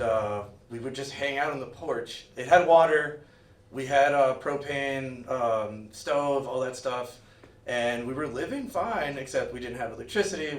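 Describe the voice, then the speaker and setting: A man from Miami tells a personal story at a live storytelling night, talking loosely with lots of fillers, recorded in an echoey room from far off. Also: medium pitch. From Miami, USA. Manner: rambling, loose, full of "like" fillers. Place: museum event room, live audience.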